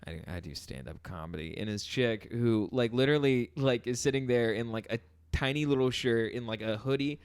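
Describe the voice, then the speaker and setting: A man's voice: medium pitch, normal speed, smooth, no room sound. A young man, a stand-up comic from Phoenix, telling a story on a podcast and acting out the people in it. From Phoenix, Arizona. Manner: animated, acts out voices in his stories. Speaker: podcast co-host. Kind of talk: casual chat, storytelling.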